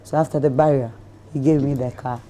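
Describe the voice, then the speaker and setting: A woman with a Ghanaian accent, a guest in an interview, telling stories about her life in a lively way and acting out the people in them. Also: extremely low pitch, brisk, slight background noise. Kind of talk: casual storytelling in an interview.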